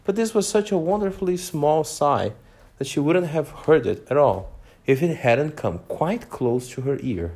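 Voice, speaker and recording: A man reading a storybook aloud to children, pausing now and then to explain words. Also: on the high side. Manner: animated, unhurried, pauses to explain words.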